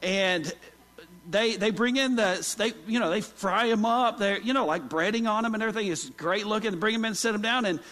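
A man preaches a sermon in a church sanctuary, telling folksy stories and tossing questions to the congregation. His voice sits high for a man, and the sound carries a long hall reverb. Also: a little fast, fairly bright tone. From Oklahoma. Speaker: pastor.

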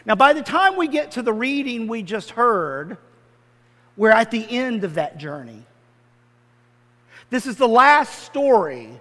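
A man's voice: high voice, a bit bright, big-room sound. A male pastor preaching a sermon in a church sanctuary, in a conversational, humorous storytelling manner full of modern comparisons.

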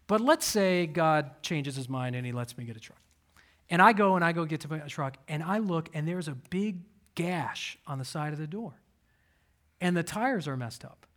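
A man in his thirties preaching a sermon, telling personal stories with animated swings and sudden soft asides. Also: fairly high pitch, normal speed. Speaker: pastor.

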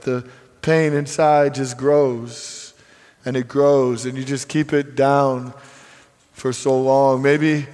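Earnest male preacher in a reverberant hall. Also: medium pitch. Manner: earnest, swings from hushed to emphatic. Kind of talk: sermon.

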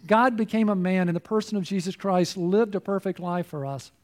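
High-voiced pastor preaching earnestly. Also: male voice, fairly quick, darkish tone. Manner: earnest, asks many rhetorical questions. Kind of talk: sermon.

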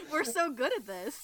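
A woman from the northern United States co-hosting a casual chat podcast, giggly and full of fillers. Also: high-pitched. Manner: giggly, lots of fillers and laughter. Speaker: podcast co-host. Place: outdoors behind a garage.

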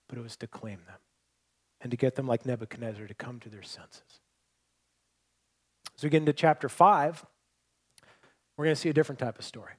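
A man preaching a sermon as pastor, telling stories, shifting between loud emphatic points and quiet, hushed lines. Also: medium pitch, a little fast, pauses often, slightly rough. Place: church hall with congregation.

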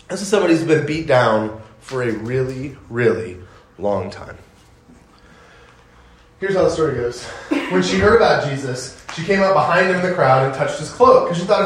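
A male pastor preaching a sermon, telling the story in a lively way and acting out the people in it. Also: on the high side, normal speed. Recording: echoey room.

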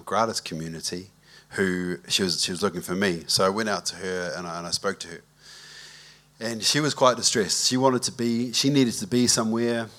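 A man, a pastor giving a conversational sermon that tells a relaxed story and asks the congregation for a show of hands. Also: deep voice.

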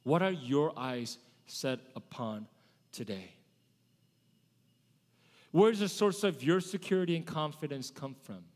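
A man's voice: on the high side, expressive, measured pace, long pauses. A man in his forties, a pastor giving a conversational sermon and asking his congregation questions. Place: church sanctuary. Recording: long church hall reverb.

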